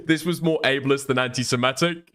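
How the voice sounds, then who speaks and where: A man's voice: on the high side, a little slow, fairly bright tone. A man doing casual reaction commentary on a stream, chatty and profane, often laughing as he talks.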